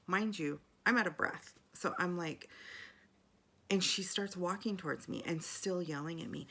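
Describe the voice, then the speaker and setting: A woman's voice: lowish voice, moderate pace, creaky, sharp tone. A middle-aged woman in a casual video journal, telling a personal story in a chatty, rambling way full of fillers and restarts.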